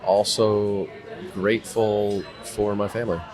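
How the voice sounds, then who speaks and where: A man's voice: lowish voice, flat delivery, unhurried, crowd noise. A man as a podcast guest in casual chat, enthusiastic and gushing. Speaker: guest, science content creator. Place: coffee shop.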